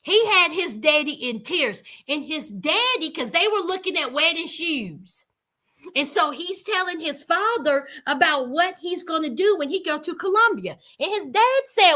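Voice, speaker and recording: A woman giving sassy, animated commentary on a reality show, talking straight to her viewers. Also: very high-pitched, measured pace. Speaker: reality TV recap host. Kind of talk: casual recap commentary to viewers.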